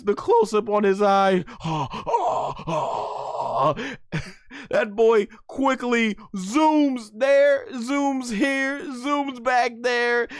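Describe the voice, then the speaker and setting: A man's voice: very high-pitched, clean tone, dry recording, studio quality. A young man chatting casually on a live-stream review, with lots of fillers and giggles. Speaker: anime reviewer.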